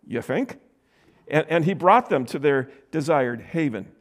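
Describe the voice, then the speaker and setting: A man's voice: a little high, lively intonation, measured pace. A man giving an earnest, conversational Bible teaching, reading scripture aloud and asking the listeners rhetorical questions.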